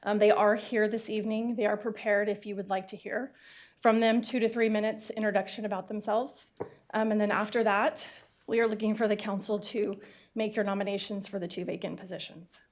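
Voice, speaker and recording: A woman on city planning staff, giving a brisk, casual report to a council while slightly out of breath. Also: mid-range voice, little pitch movement, a little mellow. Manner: brisk, breezy, a little out of breath. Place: council chamber.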